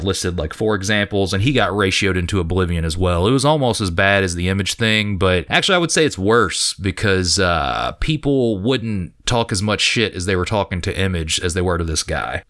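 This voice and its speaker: A man's voice: deep voice, fairly bright tone, dry recording, studio quality. A man hosting a podcast in casual chat, joking around, laughing easily and swearing. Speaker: podcast host.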